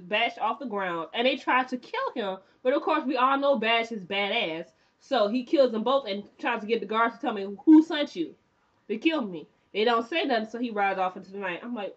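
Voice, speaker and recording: A woman's voice: high voice, fairly quick. Chatty young woman recapping a show. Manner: chatty and animated, mimicking characters. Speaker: TV recap vlogger. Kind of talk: casual TV episode recap. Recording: dull lo-fi recording.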